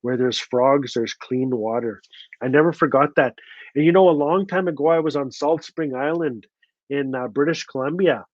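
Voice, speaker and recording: A Canadian author telling stories to an audience in a live talk, repeating key lines for emphasis. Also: male voice, medium pitch, normal speed, no echo, lo-fi sound. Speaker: author and storyteller.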